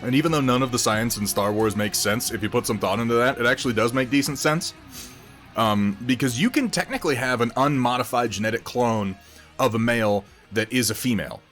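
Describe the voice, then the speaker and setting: Rambling, swearing livestream host. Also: male voice, medium pitch, brisk, fairly bright tone, soft background music. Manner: rambling, chatty, laughs often, swears freely. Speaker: livestream host painting miniatures. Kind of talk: casual livestream chat.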